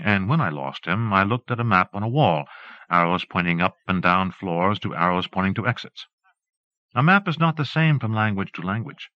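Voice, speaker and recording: A man narrating a literary audiobook in a measured, even reading. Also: low voice, dry recording. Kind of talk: scripted narration. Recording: dull dry tape recording.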